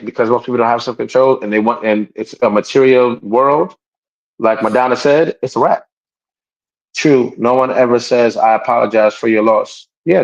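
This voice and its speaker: A man's voice: mid-range voice, highs cut off. A man co-hosting a podcast in casual chat, talking emphatically, repeating himself and restarting his sentences. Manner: acts out quoted people in raised voices. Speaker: podcast co-host.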